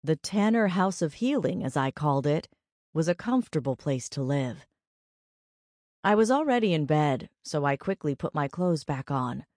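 A woman with a low voice reads an audiobook in a measured, steady way. The sound is dry and close, with no room in it. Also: no room sound. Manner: measured, even storytelling. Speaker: audiobook narrator. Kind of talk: scripted narration.

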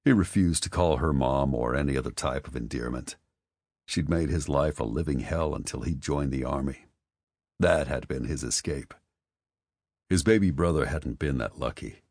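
A man reads an audiobook in an exceptionally deep voice. His delivery is measured and steady. The recording is dry and close. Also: no echo. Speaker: audiobook narrator. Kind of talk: scripted narration.

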